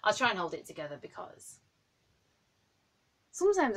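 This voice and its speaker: Rambling, excitable young woman vlogger. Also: lowish voice, a little fast, long pauses. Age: 20s. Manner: rambling and excitable, heavy with fillers. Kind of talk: casual chat to camera.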